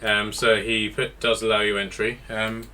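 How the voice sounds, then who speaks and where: A man's voice: fairly low pitch, level tone, moderate pace, pushed and bright. A man running a tabletop game as game master, narrating scenes with many ums and restarts.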